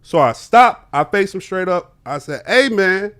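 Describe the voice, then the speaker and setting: A man's voice: high voice, expressive, moderate pace, fairly bright tone. A young man animatedly telling a story on a podcast, acting out both sides of an argument with quoted voices. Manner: acts out both sides of an argument, laughing as he tells it.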